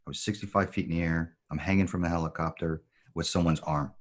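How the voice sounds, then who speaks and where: A man who served as a Marine, a podcast guest, telling a story in a measured, reflective way. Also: deep voice, steady tone. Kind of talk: storytelling in conversation.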